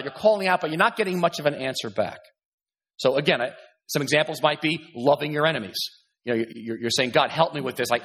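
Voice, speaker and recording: A man's voice: on the high side, a bit bright. A male pastor preaching a sermon, earnest and emphatic, reading scripture and repeating words to stress his points.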